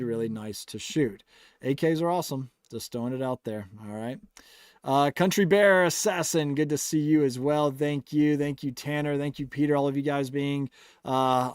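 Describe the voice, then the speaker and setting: A man's voice: medium pitch, no echo, clean studio sound. A man hosting a casual livestream, chatting, joking and reading out viewer comments. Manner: relaxed, joking, sarcastic asides. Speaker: livestream host.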